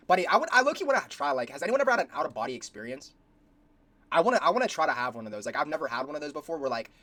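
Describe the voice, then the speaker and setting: A man's voice: mid-range voice, a bit bright. A young man casually rambling through a reaction video, slangy and full of fillers.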